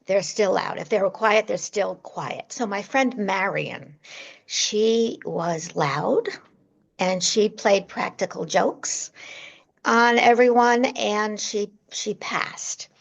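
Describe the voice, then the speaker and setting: A woman with a gravelly voice and some fry appears as a guest medium on a podcast, speaking slowly over a dull, lo-fi remote recording. She tells her stories with animation, her voice leaping high when she relives the big moments.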